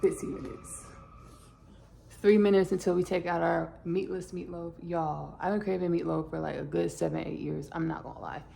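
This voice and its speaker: Woman, tired but playful home cook, casual vlog chatter, slightly low and gravelly. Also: fairly even intonation, a little fast, hardly any pauses, warm tone, rough recording. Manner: chatty, playful, talks to viewers as y'all. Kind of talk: casual cooking vlog chat. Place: home kitchen.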